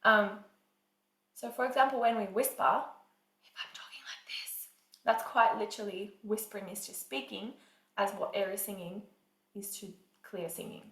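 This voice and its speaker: A woman's voice: medium pitch, fairly even intonation, normal speed, a bit bright. A woman teaching singing in a casual, chatty way, often saying "like" and "um" as she explains. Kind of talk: casual vocal lesson. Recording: echoey room.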